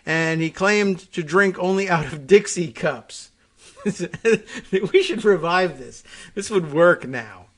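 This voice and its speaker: Talk host guy riffing on air, wry and rambly, kinda high voice, laughs a lot. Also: lively intonation, takes it slowly, fairly bright tone. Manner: rambling, wry, chuckling, many fillers and restarts. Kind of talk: casual monologue reading and riffing on air.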